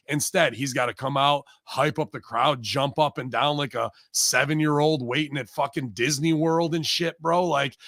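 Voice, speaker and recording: A man's voice: mid-range voice, a bit bright, dry recording, studio quality. A man, a pro wrestler, ranting in a heated, profane way on a podcast and acting out what others said. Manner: heated, profane rant acting out quoted voices. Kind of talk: casual podcast chat.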